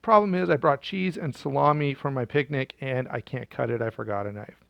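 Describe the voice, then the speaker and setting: A man's voice: medium pitch, fairly quick, vocal fry, no room sound, lightly acted. A man voicing a cheerful, chatty young woman on a picnic, in a dull, dry recording.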